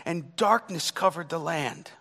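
A man preaching a sermon, dramatic, swinging between loud emphasis and hushed, near-whispered lines. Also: on the high side, unhurried, gravelly. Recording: long hall reverb.

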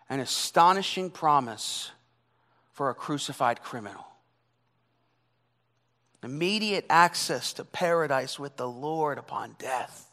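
A man preaching a sermon, dramatic, swinging between loud emphasis and hushed, near-whispered lines. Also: medium pitch, takes it slowly, pauses often. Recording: long hall reverb.

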